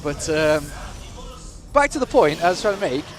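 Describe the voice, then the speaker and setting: Lively British esports commentator, man. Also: on the high side, normal speed. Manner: lively, self-deprecating, corrects himself. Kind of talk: live game commentary.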